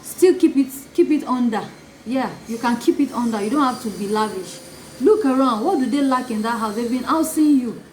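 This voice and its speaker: Woman, higher voice, animated life coach acting out asides, echoey room with faint hiss. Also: moderate pace. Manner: animated, acts out gossip in asides. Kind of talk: motivational teaching talk.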